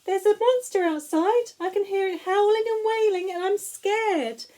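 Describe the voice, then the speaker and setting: A woman voicing a small, frightened bear cub who pleads in a high, childlike voice. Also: a little slow, mellow.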